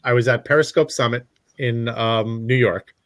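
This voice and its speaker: A man from the US East Coast hosting an interview, telling stories with animated impressions of others. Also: mid-range voice, normal speed, no echo. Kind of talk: conversational interview.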